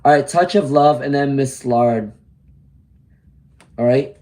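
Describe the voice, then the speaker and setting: A man with a hoarse voice from laryngitis, giving a chatty live-stream tarot reading and greeting viewers by name. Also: medium pitch, slow, darkish tone. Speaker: tarot reader.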